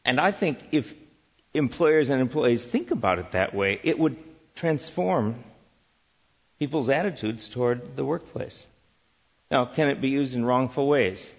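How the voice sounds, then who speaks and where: A man giving a church teaching talk, lively and full of rhetorical questions, who also engages the audience. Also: medium pitch, creaky, husky, in a large hall, dull audio. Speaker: Christian speaker teaching on work and business.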